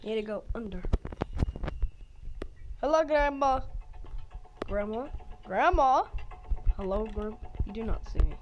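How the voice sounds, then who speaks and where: A woman giving excited gameplay commentary, jumping between loud outbursts and hushed whispers. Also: on the high side, a little slow, long pauses, lo-fi sound, a little hiss or hum. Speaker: game player.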